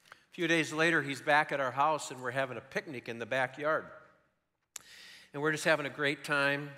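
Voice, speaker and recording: A man in his sixties preaching a sermon, telling stories in an animated way that swings from loud to hushed. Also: a little high, moderate pace, in a large hall. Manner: animated storytelling, shifting between loud and hushed.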